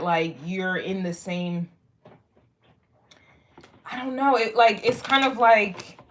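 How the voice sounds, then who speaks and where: Profane, rambling woman giving a reading. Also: lowish voice. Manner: rambling, frank and profane, lots of fillers. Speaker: tarot and astrology reader. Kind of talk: casual spoken reading to viewers.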